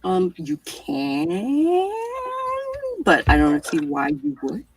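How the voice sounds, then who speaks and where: A woman acting as storyteller for a tabletop role-playing game, talking in a relaxed, hesitant way with many fillers. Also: deep voice, extremely slow, recorded from a distance, noisy background.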